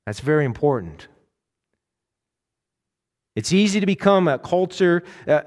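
A man's voice: fairly high pitch, a little mellow. Man preaching a sermon in an echoing hall. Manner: earnest, with frequent restarts and storytelling asides. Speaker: pastor.

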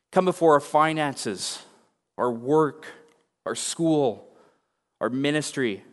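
A young pastor preaches from the pulpit in an earnest, openly confessional tone. His mid-range voice carries a long hall reverb, as though he were in a large church sanctuary.

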